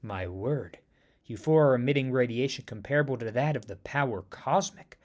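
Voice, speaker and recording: Haughty, formal alien herald with a deep voice, put on by a male narrator. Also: moderate pace, darkish tone, close to an everyday voice. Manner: grave, formal speech.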